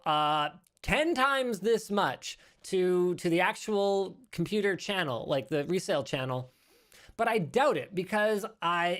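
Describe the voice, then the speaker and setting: A man hosting a casual tech news podcast, talking in an animated, rambling way and correcting himself as he goes. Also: high-pitched. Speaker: podcast host. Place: studio.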